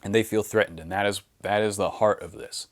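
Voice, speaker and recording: A man with a very low voice talks alone in an insistent, impassioned monologue. He pushes his points hard and often repeats words to drive them home. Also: fairly even intonation, fairly quick. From United States. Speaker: channel host. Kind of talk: unscripted monologue.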